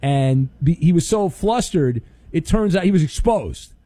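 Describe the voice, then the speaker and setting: High, lively, mellow-voiced radio host. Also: male voice, a little slow, no room sound. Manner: playful, joking, exaggerated indignation. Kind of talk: call-in radio talk.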